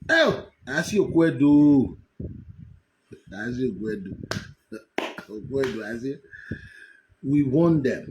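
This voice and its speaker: Animated mocking Nigerian man. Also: medium pitch, drawn-out words, pauses often, background noise. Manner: mocking, laughs often, breaks into shouting. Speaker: political commentary host. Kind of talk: animated live commentary.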